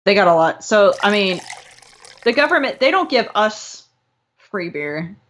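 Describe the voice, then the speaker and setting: A woman's voice: mid-range voice, big pitch swings, unhurried, fairly bright tone. A young woman from Southern California, co-hosting a podcast in casual, playful chat and swearing freely. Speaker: podcast co-host.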